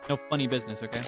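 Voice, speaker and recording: A young man streaming a game, chatting casually and nervously, scolding monsters on screen and laughing at himself. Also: medium pitch. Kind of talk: casual gameplay commentary. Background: game music.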